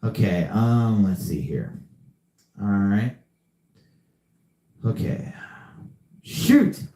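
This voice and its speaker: A man's voice: lowish voice, animated, drawn-out words, dark tone. A man hosting a casual live podcast, rambling and repeating himself with many fillers as he reads the chat. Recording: echoey room.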